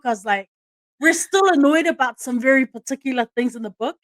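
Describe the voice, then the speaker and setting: A woman hosts a relaxed podcast conversation. She talks in a chatty, emphatic way and laughs easily. Her voice sits on the higher side, and it sounds dry and close. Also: fairly quick, no echo. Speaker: podcast host. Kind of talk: casual podcast chat.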